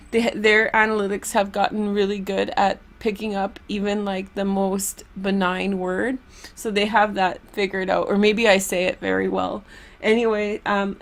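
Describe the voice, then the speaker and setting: Casual female tarot reader with a mid-pitched voice and a chatty, laughing delivery. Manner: chatty, laughs often, trails off and restarts.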